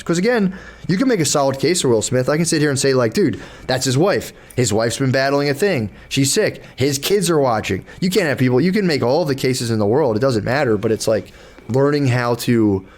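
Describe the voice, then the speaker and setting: A young man chatting on a podcast at a middle pitch. He rambles, restarts his sentences and swears freely, slipping into little acted-out inner voices to make his point. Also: a little mellow. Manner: loose, rambling, profane, with frequent restarts and acted-out inner dialogue. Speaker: podcast host. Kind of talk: casual podcast chat.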